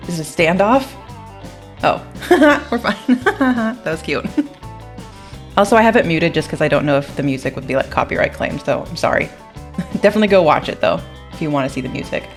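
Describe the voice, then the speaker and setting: A woman's voice: sits low, expressive, fairly quick, faint music behind. A young woman YouTuber reacting to a game trailer in a bubbly, chatty way, gasping and giggling as she talks. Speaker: gaming YouTuber.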